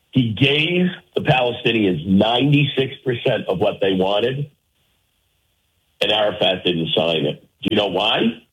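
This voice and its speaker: A man's voice: fairly low pitch, a bit bright, rough recording. A man hosting a call-in radio show, arguing his point emphatically and firing rhetorical questions at his listeners. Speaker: talk radio host.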